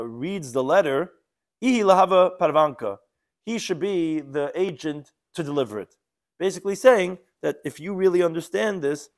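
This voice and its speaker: Rabbi teaching a Talmud class, a man a slightly high voice and a relaxed delivery, reading each phrase before explaining it. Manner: reads Aramaic phrases, then explains in casual English with asides. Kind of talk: Talmud lesson, translating Aramaic line by line.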